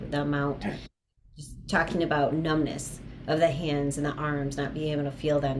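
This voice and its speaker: A woman hosting a podcast speaks in a low voice, responding with empathy and reflecting on what her guest has shared. A faint noise sits under her voice. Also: a little mellow. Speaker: podcast host. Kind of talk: interview.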